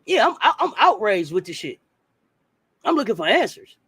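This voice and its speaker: High-voiced, fired-up man ranting on sports. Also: big pitch swings, normal speed, fairly bright tone, slightly rough, dry recording. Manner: profane, blunt, fired-up rhetorical questions. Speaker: sports commentator. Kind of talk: heated sports talk rant.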